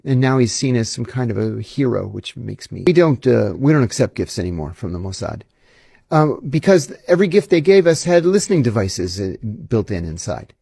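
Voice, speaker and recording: Gravelly male ex-intelligence officer, emphatic, indignant interview storyteller, dry close sound. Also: mid-range voice, sing-song, moderate pace, mellow, no echo.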